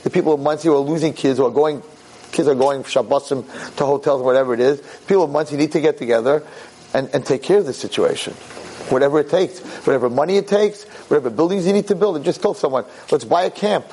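Impassioned male Torah lecturer, husky. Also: a little high, quick pace, warm tone. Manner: impassioned, exhorting.

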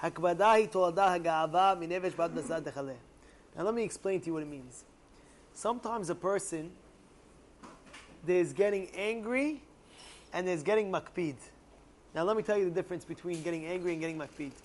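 High-voiced young man teaching a lesson. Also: brisk, pauses often, slight background noise. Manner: animated storyteller who acts out angry outbursts; asks listeners rhetorical questions. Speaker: religious teacher. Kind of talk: classroom Torah lesson.

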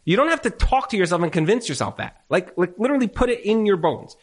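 In an event room with an audience, a man with a fairly high voice gives marriage advice into a handheld mic. He's emphatic, repeats his points, and often tosses in rhetorical questions, speaking fast in a sing-song, slightly rough voice.

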